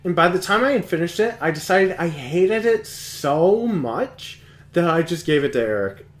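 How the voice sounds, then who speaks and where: A man's voice: fairly high pitch, lively intonation, moderate pace, reverberant. A man hosting a live stream, chatting casually, rambling and laughing often. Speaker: streamer host.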